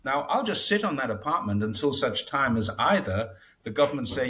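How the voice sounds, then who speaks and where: A man in his sixties, born in Britain, chatting casually in an interview and telling stories with lively acted-out dialogue. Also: mid-range voice, fairly quick, hardly any pauses. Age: 60s. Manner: chatty storyteller, acts out dialogue in raised voices. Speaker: guest.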